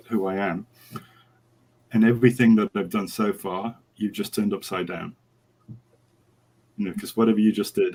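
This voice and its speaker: On the low-quality recording, a middle-aged man with a lowish, slightly breathy voice tells a lively story. He's a horse trainer appearing as a podcast guest, and he acts out the dialogue as he goes.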